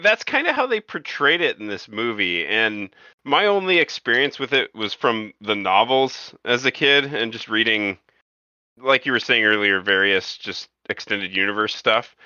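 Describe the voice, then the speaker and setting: A man's voice: fairly low pitch, animated, moderate pace, bright, forceful tone, no room sound. A man in a casual film discussion podcast. He is opinionated and often stumbles and repeats words. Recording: dull lo-fi sound.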